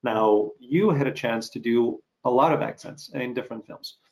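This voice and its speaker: A male interviewer who talks his way slowly into a long question, stopping often to search for words. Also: medium pitch, darkish tone.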